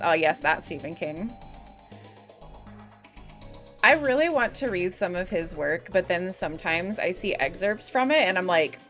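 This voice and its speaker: A woman's voice: medium pitch, a bit bright. Young woman from the Midwest, game streamer, mid-range voice, rambling and giggly with lots of cursing, faint music underneath. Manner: rambling, giggly, swears freely. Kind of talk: casual gaming stream chatter.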